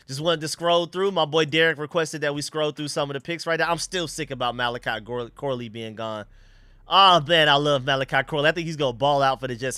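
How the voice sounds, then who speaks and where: A young man hosting a casual live stream, chatting excitedly and thanking donors. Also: on the high side, dry recording.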